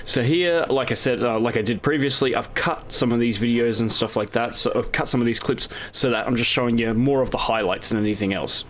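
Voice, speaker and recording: A man's voice: mid-range voice, brisk, few pauses. A man hosting his own gaming channel, casually talking over recorded gameplay in a rambling way with lots of fillers and restarts.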